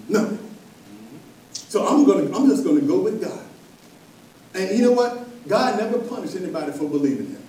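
A man preaching a sermon to a congregation, calling for responses and building to loud emphatic peaks. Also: high-pitched, very animated, a little fast, long pauses. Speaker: pastor. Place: church sanctuary. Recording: echoey church from far off.

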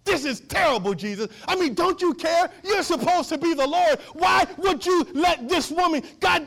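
A man preacher voicing an irritated woman who shouts and pleads in exasperation. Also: very high-pitched, vocal fry, voice pushed up, heavily acted. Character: irritated indignant woman complaining about her sister.

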